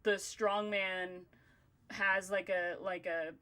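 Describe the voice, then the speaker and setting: A woman's voice: mid-range voice, fairly even intonation, slow, sharp tone. A woman hosting a podcast in casual chat, talking in loose, rambling runs and laughing often. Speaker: podcast host.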